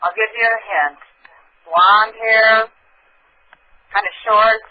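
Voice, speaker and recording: A man's voice: high voice, steady tone, slow. A man making a playful, teasing prank call, then chatting about it. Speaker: prank caller. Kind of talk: phone prank chat. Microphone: telephone. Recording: tinny phone line, faint hiss.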